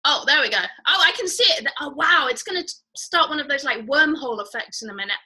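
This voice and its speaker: Very high, lively, bright-voiced woman host. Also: quick pace, background noise. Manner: excited, gushing. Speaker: livestream host. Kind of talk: casual live chat.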